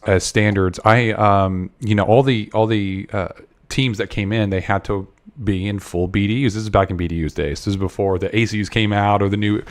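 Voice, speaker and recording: A man as a podcast guest, telling a story in an earnest, rambling way full of restarts and repeated words. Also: lowish voice. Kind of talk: casual storytelling interview.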